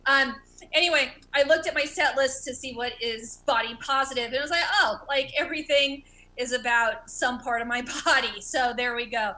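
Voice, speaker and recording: Bright-voiced woman comic who stutters. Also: high voice, moderate pace, poor audio. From America. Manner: stutters, self-deprecating. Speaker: stand-up comedian. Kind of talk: stand-up set on a video call. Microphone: video call.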